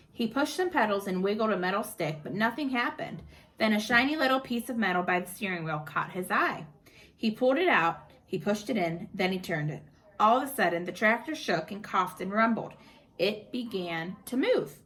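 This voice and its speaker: Animated woman reading a picture book. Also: mid-range voice, moderate pace. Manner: animated, expressive. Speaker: teacher.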